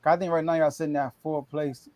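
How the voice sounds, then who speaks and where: A man's voice: a little high, little pitch movement, fast talker, a little mellow, no room sound. A man hosting a sports podcast, upbeat and prompting his guest with questions. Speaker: podcast host. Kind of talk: casual sports talk. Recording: dry close mic.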